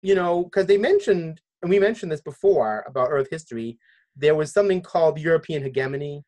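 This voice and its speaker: A man's voice: on the high side, lively intonation, a little fast, a little mellow. Rambling man hosting a podcast chat. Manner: rambling, restarts, jokey asides. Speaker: podcast host.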